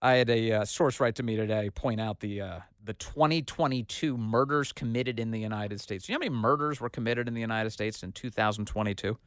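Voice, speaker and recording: A man's voice: lowish voice, brisk, hardly any pauses, fairly bright tone, smooth, dry recording, clean studio sound. A man hosting a talk radio show, delivering an emphatic, sarcastic opinion monologue.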